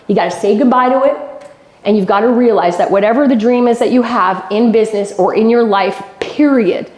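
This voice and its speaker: A woman from Canada with a fairly high voice delivers a motivational speech and tells her story with emphatic repetition. The sound carries the echo of a large event room. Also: darkish tone. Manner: emphatic storytelling, repeats lines for effect. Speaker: keynote speaker. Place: golf club event hall.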